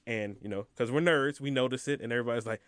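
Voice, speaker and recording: A man on a casual podcast discussing a film. He retells scenes in an animated way and acts out what people say. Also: medium pitch, quick pace, no room sound, studio quality. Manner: animated storyteller, acts out quotes.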